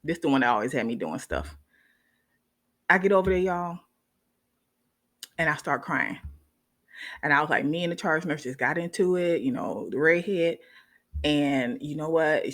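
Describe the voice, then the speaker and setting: Her voice sitting low, a woman nurse spins an animated, casual tale for her viewers and keeps checking in with them throughout.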